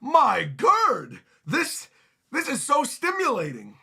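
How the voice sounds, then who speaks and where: A giddy giant man, beaten-up and masochistic, fawning and begging with a high, stretched-out, swooning whine, put on by a man reading a manga aloud. the voice has a gravelly, husky edge and swoops up and down wildly. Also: animated, fairly bright tone, heavily acted. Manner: high, drawn-out, swooning delivery.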